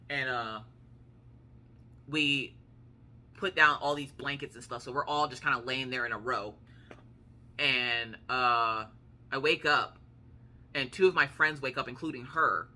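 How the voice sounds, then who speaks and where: Woman, 30s, US, casual vlogger; chatty storyteller, very bright tone. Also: a bass voice. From United States. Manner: chatty, swears casually, acts out quotes.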